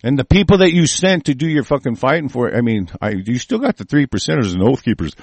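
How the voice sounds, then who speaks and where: A man's voice: mid-range voice, big pitch swings, quick pace, creaky, no room sound. A man hosting a talk show, delivering a furious, profane and confrontational political rant.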